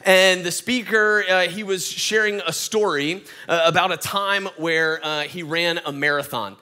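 Southern man preaching with a bright voice. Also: sits high, fairly even intonation, unhurried. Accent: Southern US (Atlanta). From Atlanta, Georgia. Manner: conversational, folksy, many fillers and restarts. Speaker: guest pastor. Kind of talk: sermon.

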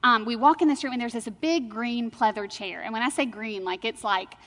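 A young adult woman sharing a church testimony with animated storytelling and frequent laughter. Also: a little high, brisk, big-room sound. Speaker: speaker sharing her testimony.

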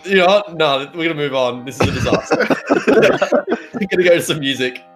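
A man's voice: fairly high pitch, lively intonation, brisk, over music. A man hosting a podcast in casual chat, playful and laughing often. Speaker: podcast host.

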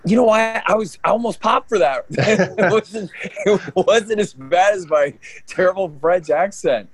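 A man's voice: sits high, a little slow, husky. A man from Canada co-hosting a podcast, talking in a loose, rambling way with frequent restarts. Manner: rambling, many fillers and restarts. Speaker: podcast co-host. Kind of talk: casual podcast chat.

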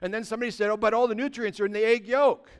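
A middle-aged man preaching a sermon as pastor, animated and humorous, rattling off quick lists between scripture readings. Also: sits high, smooth. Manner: animated, humorous asides, rapid list-making.

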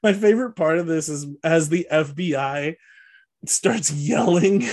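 A man's voice: on the high side, slow, a little mellow. A man co-hosting a podcast, casually recapping a movie plot with lots of fillers and frequent laughs. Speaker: podcast co-host.

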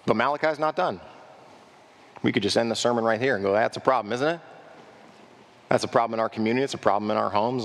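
A male pastor delivers a sermon from a church sanctuary, his mid-range voice ringing with long reverb through the hall. He asks his congregation questions and now and then mimics worshippers in quick asides. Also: medium pitch. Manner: preaching with rhetorical questions to the congregation.

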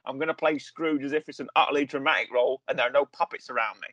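A pompous older film-star voice, clipped and self-important, as a man does a jokey impression. The delivery is deliberately exaggerated and dry, with no room around it. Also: medium pitch, fairly bright tone, no room sound, highs cut off, lightly acted. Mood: mock-grand.

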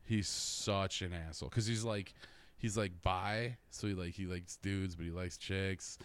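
A man's voice: sits low, fairly even intonation, unhurried, clear, resonant tone. A man co-hosting a casual podcast, reading out listener comments, laughing often and swearing freely. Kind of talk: casual chat.

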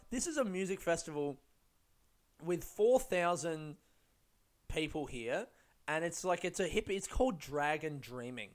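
A man's voice: on the high side, lively intonation, normal speed. A young man telling a rambling, swear-filled story, full of fillers and laughs. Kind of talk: casual storytelling.

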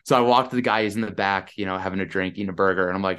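A man's voice: low voice, very fast, smooth. Chatty man telling a story. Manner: animated, chatty, lots of "I'm like". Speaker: podcast guest. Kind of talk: casual storytelling.

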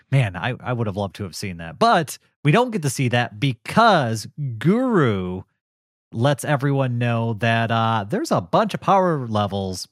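A man co-hosting a podcast, reviewing episodes in casual chat, enthusiastic and quick to laugh. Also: mid-range voice, dry recording, studio quality. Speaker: podcast co-host.

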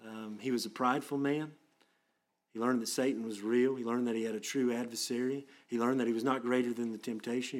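A man preaching a sermon as pastor, earnest and plain-spoken, then praying quietly. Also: mid-range voice.

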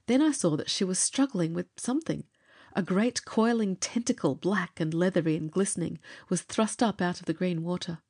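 Brief: female audiobook narrator, lower-pitched, steady dramatic reading. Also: slightly rough. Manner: measured, expressive storytelling.

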